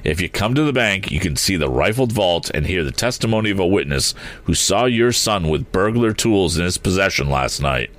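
A man's voice: low voice, animated, a little fast, a bit bright, no echo. A man voicing a grim middle-aged police chief in a read-aloud story, stammering at first and then firm and testy. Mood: testy, triumphant. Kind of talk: audiobook character voice.

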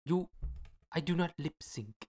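A woman's voice: low voice, animated, unhurried, warm tone. A woman co-hosting a podcast, chatting casually in a jokey, wry way. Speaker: podcast co-host. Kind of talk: casual chat.

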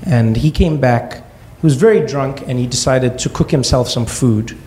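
A man from Africa telling a comic personal story with wry, deadpan asides. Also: medium pitch, normal speed, a little hiss or hum.

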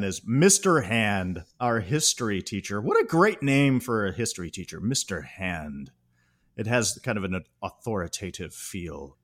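A man's voice: medium pitch, fairly bright tone. A man co-hosting a casual movie discussion, who laughs often while retelling scenes. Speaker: podcast co-host.

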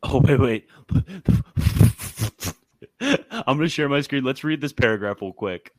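A man's voice: medium pitch, big pitch swings, takes it slowly, no echo. A man hosting a casual group chat, reading aloud from his screen and reacting bluntly with frequent laughs. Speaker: host.

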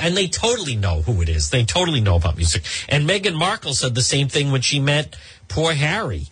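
A man's voice: mid-range voice, very animated, brisk, a bit bright, husky, dry recording. A man in his fifties giving a rambling, gossipy commentary monologue as a talk show host, with many ums and restarts.

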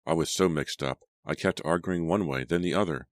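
A man reads an audiobook aloud in a steady storytelling voice. His voice is extremely low. The recording is dry and close, with no room sound. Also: fairly quick, no echo. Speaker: audiobook narrator. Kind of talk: audiobook narration.

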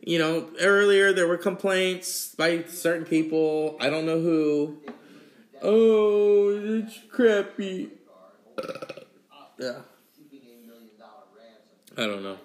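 Slow-talking profane podcast man, sore throat. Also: fairly high pitch, lively intonation, roomy sound. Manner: rambling, profane, sighing between sips. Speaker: podcast host. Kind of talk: casual solo podcast rant.

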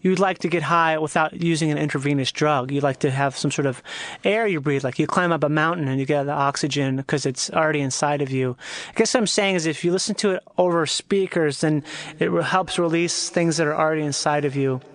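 A man's voice: fairly high pitch, fairly quick, a bit bright, no room sound. A man hosting a podcast alone, rambling and swearing in a loose comedic monologue with many restarts. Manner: rambling, profane, self-interrupting. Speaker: podcast host.

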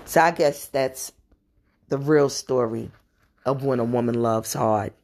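A woman, hosting a podcast and telling a story in a chatty, animated way with laughing asides. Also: rumbling low, unhurried, creaky. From New York. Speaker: podcast host. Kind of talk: casual storytelling.

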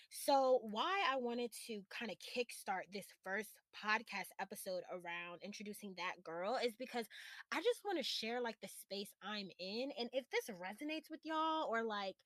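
A woman's voice: medium pitch, lively intonation, moderate pace, fairly bright tone, no room sound. A young woman hosting her own podcast in a casual, playful chat, often laughing and backtracking mid-thought. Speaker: podcast host.

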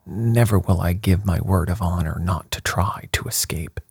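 A man's voice: low-pitched, moderate pace, vocal fry, breathy edge, no room sound, clean studio sound, full character voice. A man reading the part of a defiant harpooner with a blunt, stubborn manner, in an audiobook.

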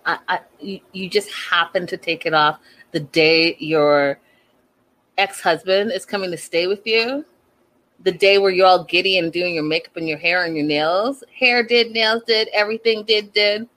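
A woman recapping a reality show in casual, gossipy commentary, animated and incredulous. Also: on the low side, moderate pace, low-quality recording.

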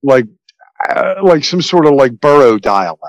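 Rambling, excitable man on a podcast. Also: medium pitch, moderate pace, no room sound, highs cut off. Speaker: podcast host. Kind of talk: casual movie podcast chat.

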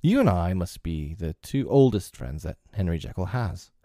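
A man's voice: sits low, big pitch swings, normal speed, mellow, no echo, clean studio sound. A man reading aloud, voicing a reserved, sober lawyer in a storybook reading. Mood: grave, sober.

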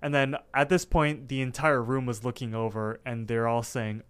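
A man's voice: mid-range voice, flat delivery, moderate pace, fairly bright tone, clean tone. A man co-hosting a casual podcast, retelling cartoon scenes with lots of fillers. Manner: recaps scenes with many fillers. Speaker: podcast co-host.

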